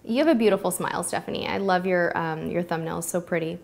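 A woman with a lowish voice and vocal fry talks quickly while hosting a live cruise-advice stream. In a chatty, heartfelt Q&A, she answers viewer questions and thanks her supporters.

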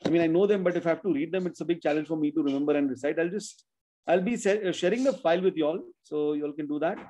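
A man's voice: on the high side, very fast, mellow. A man teaching a spelling class over a video call, explaining rules step by step, correcting students and mixing in Hindi. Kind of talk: online class lesson.

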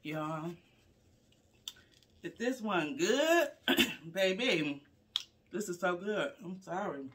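A woman's voice: lowish voice, drawn-out words, long pauses, a little hiss or hum. A woman vlogger chatting casually to her viewers while eating a meal, humming "mm" between bites and talking with her mouth full. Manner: savoring food with frequent mm sounds, talking with mouth full; relaxed, chatty, addresses viewers as y'all. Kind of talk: casual live eating vlog.

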